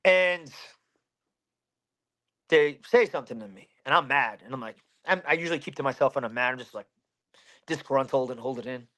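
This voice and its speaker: A man's voice: mid-range voice, moderate pace, long pauses, sharp tone. A man in his thirties from Pennsylvania, a fighter telling a story in an interview, blunt and heavy with swearing.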